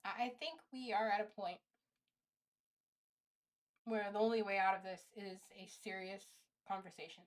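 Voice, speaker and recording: A woman streamer talking through her feelings in a halting, candid monologue, often restarting and swearing freely. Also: mid-range voice, steady tone.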